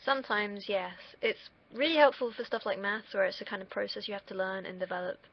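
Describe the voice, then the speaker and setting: A woman's voice: mid-range voice, brisk. A young woman from the UK, vlogging in a rambling, self-deprecating monologue and swearing freely. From United Kingdom. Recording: dull lo-fi recording.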